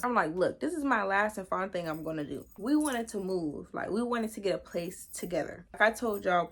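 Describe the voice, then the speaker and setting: A young woman spins a story from her own past for her viewers with a lot of energy. She talks in in a loose, slangy way and keeps calling out "y'all." Her voice sits at an ordinary middle pitch for a woman. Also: a bit bright. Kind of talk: casual storytime vlog.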